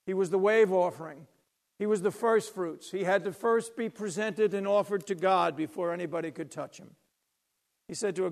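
A man preaching a sermon, retelling a scripture story dramatically, swinging from loud to hushed. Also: high voice, moderate pace, gravelly.

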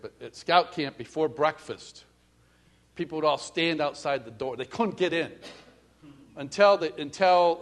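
Animated preaching man with lively pitch. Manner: animated preaching, acts out little scenes, swings from soft to loud. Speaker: pastor. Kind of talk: sermon.

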